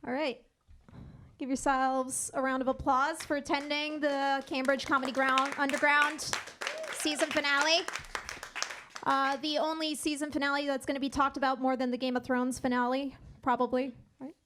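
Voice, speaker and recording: A woman performing a stand-up set on a comedy club stage, delivering dry one-liners and pausing for laughs. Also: high-pitched, level tone, background noise.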